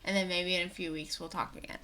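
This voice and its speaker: Bright-voiced woman vlogger, indignant. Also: on the low side, flat delivery, fast. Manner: indignant, chatty, sarcastic asides. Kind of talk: opinionated commentary to camera.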